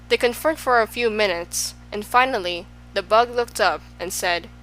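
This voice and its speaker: A woman narrating a children's audiobook in a steady, even reading. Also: medium pitch, moderate pace, hardly any pauses, poor audio. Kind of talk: storybook narration.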